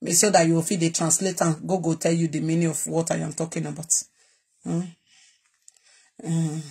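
A woman's voice: low voice, flat delivery, normal speed, mellow, husky. A woman from Edo State with a Nigerian accent, ranting straight to camera and switching between Pidgin and her Edo dialect as she issues a defiant challenge. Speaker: vlogger. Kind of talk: direct-to-camera live video rant.

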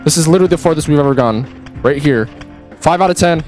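A man doing excitable let's play commentary at his gaming setup, trash-talking game characters and yelling when startled. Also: on the high side, fast, soft background music. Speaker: gaming YouTuber.

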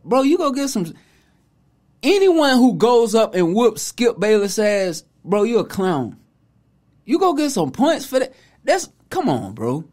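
A man's voice: sits high, a little mellow. A man hosting a podcast, delivering an opinionated commentary monologue in casual slang, mocking and preachy. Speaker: podcast host.

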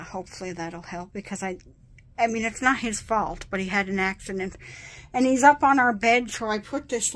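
A tired woman with a medium-pitched, slightly bright voice chats casually at her desk at home as a vlogger. She rambles and keeps getting sidetracked.

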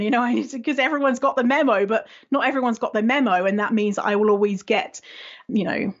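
A woman's voice: fairly high pitch, fairly quick, dull audio. A woman being interviewed, talking frankly and animatedly and swearing freely. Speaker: guest. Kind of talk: casual interview chat.

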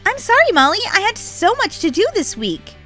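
A woman doing a soft, gentle cartoon mom. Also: very high voice, big pitch swings, normal speed, faint music behind, full character voice. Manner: soft, apologetic. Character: gentle busy mother of two girls.

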